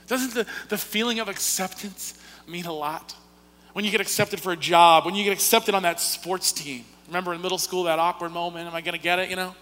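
A man delivers a sermon with a high, ringing voice. He restarts and repeats phrases as he tells his stories. A long echo trails after his words in a large sanctuary. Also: fairly quick, pushed and bright. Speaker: pastor.

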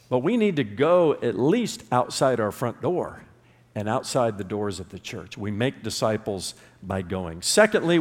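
A man's voice: a little high, big-room sound. A man preaching a sermon as pastor, emphatic, drawing his congregation into call-and-response. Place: church sanctuary.

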